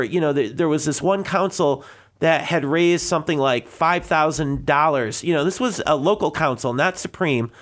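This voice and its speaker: Man, radio guest, higher voice, slightly out of breath, earnest, rambling, studio. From Connecticut, US. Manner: earnest, rambling with many restarts. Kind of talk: answering a caller on live radio.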